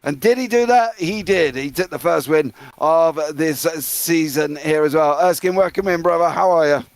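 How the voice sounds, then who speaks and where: Male race-booth host, fairly high voice with a gravelly edge, dry close sound, friendly and chatty. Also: moderate pace, dry recording. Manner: chatty, matey, calls guest mate and brother. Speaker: sim racing commentator interviewing winners. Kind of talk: broadcast booth interview.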